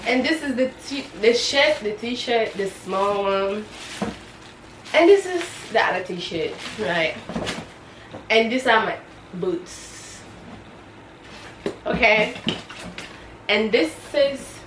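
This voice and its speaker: A chatty, excitable woman unboxing on camera from her bed, her voice at a middle pitch. She sits back from the mic in a roomy-sounding space, with a faint hum of ambience behind her. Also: takes it slowly, pauses often, distant mic. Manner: chatty, excitable, squeals with delight. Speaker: vlogger. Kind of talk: casual unboxing vlog. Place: her bedroom.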